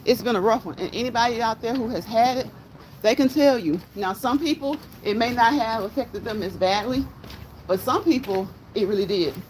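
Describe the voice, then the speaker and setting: A woman's voice: a little high, normal speed, rough recording. A woman chatting casually with viewers on a live-streamed walk outdoors. She talks in a folksy way into her phone mic. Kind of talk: casual chat while walking outdoors, reading chat aloud. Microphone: phone microphone. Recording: phone mic with loud wind noise. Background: strong wind blowing into the mic.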